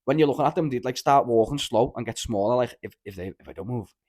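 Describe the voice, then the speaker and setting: A man's voice: medium pitch, lively intonation, quick pace, a little mellow. A man with a Liverpool accent hosting a casual podcast, telling rambling, sweary stories and saying "lad" constantly. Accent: Liverpool (Scouse). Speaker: podcast host. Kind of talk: casual chat, storytelling.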